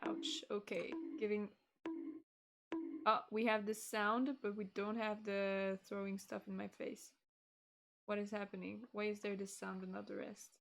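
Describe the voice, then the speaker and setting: A woman's voice: medium pitch, flat delivery, a little slow, creaky, fairly bright tone. A woman VTuber hosting a casual stream, bubbly and scattered, laughing often while fiddling with her stream setup.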